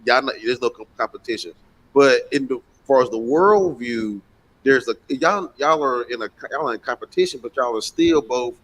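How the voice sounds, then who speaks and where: Animated man with a lively voice. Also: mid-range voice, normal speed, poor audio. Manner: blunt, animated, swearing freely. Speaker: host, addressed as pastor. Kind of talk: casual panel chat.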